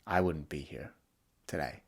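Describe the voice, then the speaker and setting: A young man hosting a podcast, talking candidly and vulnerably in a reflective monologue, often halting and restarting. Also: a bass voice. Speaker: podcast host.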